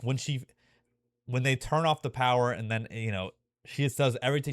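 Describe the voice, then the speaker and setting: A man's voice: mid-range voice, brisk, no room sound, clean studio sound. A young man talking casually and profanely, full of fillers and restarts, growing emotional and intense as he goes. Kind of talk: casual rambling monologue.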